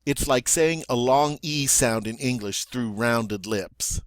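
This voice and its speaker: A man's voice: medium pitch, takes it slowly, no echo, clean studio sound. A man teaching a French pronunciation lesson, patiently repeating words and checking in with "all right?".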